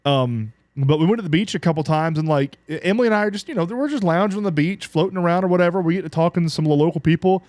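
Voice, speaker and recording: A man co-hosting a podcast, chatting casually and chiming in with quick agreements. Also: fairly high pitch, a little mellow, no echo. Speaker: podcast co-host. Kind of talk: casual chat.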